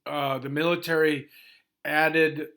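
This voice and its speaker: A gravelly-voiced man in his sixties giving an informal history overview, rushing through it with many ums and restarts. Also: on the high side, flat delivery, sharp tone. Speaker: history presenter.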